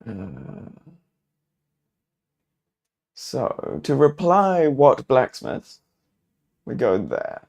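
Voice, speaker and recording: A man's voice: medium pitch, wildly swooping pitch, extremely slow, gravelly, long pauses, a little mellow. A man narrating a solo tabletop adventure, musing and thinking aloud with many fillers.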